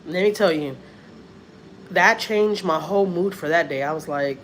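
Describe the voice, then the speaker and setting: A woman with a drawl talks in a fairly low voice, telling a personal story in a casual, earnest way. She loops back over her points and repeats phrases as she goes. Faint ambient noise sits under her voice. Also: moderate pace. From Houston, Texas. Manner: chatty, earnest, repeats herself. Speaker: family vlogger.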